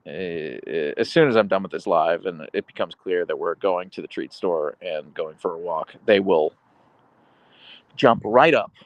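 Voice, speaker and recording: A low-pitched livestream host reads chat at a measured pace, in a dry recording with the highs cut off. His talk is casual, rambling and full of fillers, and sometimes he baby-talks his dogs.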